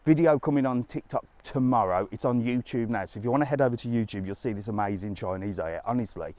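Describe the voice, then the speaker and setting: A man's voice: medium pitch, quick pace, darkish tone, no room sound. Man, live-streaming vlogger, chatty ranting manner with mild swearing, outdoors on a phone, dry sound. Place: outdoors on a resort street in light rain.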